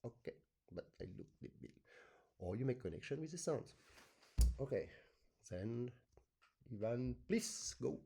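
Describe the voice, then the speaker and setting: Animated man teaching accordion. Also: medium pitch, measured pace, gravelly, pauses often, music in the background. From France. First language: French. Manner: animated, sings rhythms in syllables, non-native English phrasing. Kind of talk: masterclass teaching with sung demonstrations.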